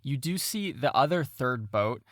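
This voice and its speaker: A man's voice: medium pitch, expressive, measured pace, dry recording, studio quality. A man narrating as game master, talking with many fillers and restarts.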